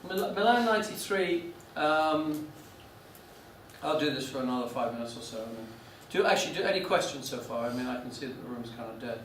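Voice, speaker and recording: A man's voice: mid-range voice, lively intonation, fairly quick, a bit bright, slight background noise. A man lecturing a class, telling a business story with many restarts and fillers. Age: 40s. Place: lecture room. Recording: echoey room, mic from a distance.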